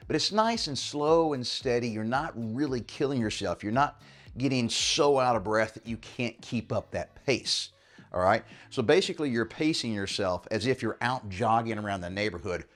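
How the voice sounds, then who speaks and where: Man, 50s, easygoing workout coach, mid-pitch, slightly breathless, soft music bed. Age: over 50. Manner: casual, keeps saying "all right?". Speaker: fitness coach. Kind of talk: home workout instruction.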